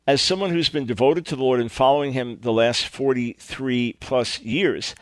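A man's voice: medium pitch, fairly bright tone, dry recording. A middle-aged man preaching earnestly, stressing points with repeated emphatic phrases. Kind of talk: sermon-style radio teaching.

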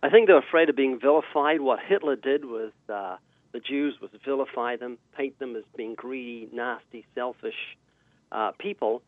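Male guest evangelist with a New Zealand accent, emphatic sermon delivery, phone-quality audio, dry and mid-pitched. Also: moderate pace, dry recording. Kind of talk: preaching on a radio call-in show. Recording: tinny dry phone line.

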